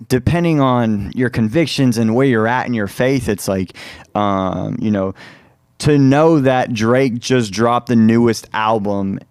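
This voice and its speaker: A young man talks casually on a faith podcast for students. His voice sits at a middle pitch and is recorded dry and close. He rambles, restarts his sentences often and laughs loudly when something amuses him. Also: measured pace, smooth, no room sound. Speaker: youth ministry podcast host. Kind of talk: casual chat.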